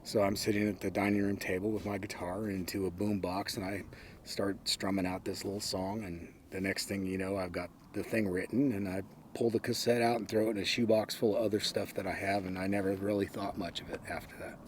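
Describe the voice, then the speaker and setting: An older man telling anecdotes in a relaxed, wry way, with frequent ums and uhs. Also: on the low side, a little fast, a little hiss or hum. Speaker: interviewee. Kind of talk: casual anecdotal storytelling.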